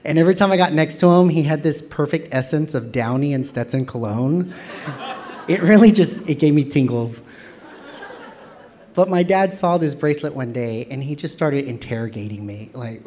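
A man's voice: a little high, normal speed. Man telling a wry personal story. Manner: candid, wry, animated with quoted voices.

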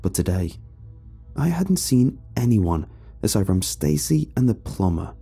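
A man narrating a scripted first-person horror story in a measured storytelling delivery. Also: medium pitch, very animated, creaky, dark tone, breathy edge, soft background music.

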